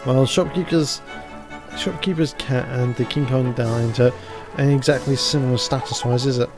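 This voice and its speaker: A man's voice: medium pitch, steady tone, normal speed, over music, close to an everyday voice. A man reading out the lines of a cheeky little fairy sidekick, talking in a folksy, chummy way full of tag questions. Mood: chatty.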